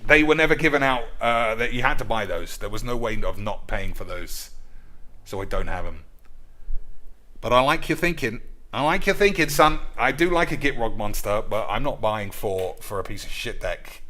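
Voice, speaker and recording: A man's voice: fairly low pitch, expressive, normal speed, sharp tone. A man streaming casually, chatting in profane, sardonic banter with his viewers. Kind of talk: casual live-stream chat.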